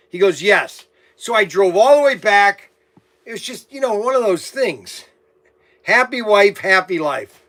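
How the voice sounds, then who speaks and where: High-voiced man grumbling through a rambling story. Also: sharp tone. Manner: meandering storyteller, grumbling asides. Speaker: hobby channel host. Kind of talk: casual rambling monologue to camera.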